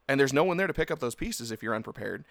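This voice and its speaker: A man's voice: mid-range voice, animated, quick pace, creaky, fairly bright tone, no echo, studio quality. A man in his thirties hosting a solo podcast, ranting bluntly and swearing casually. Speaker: podcast host.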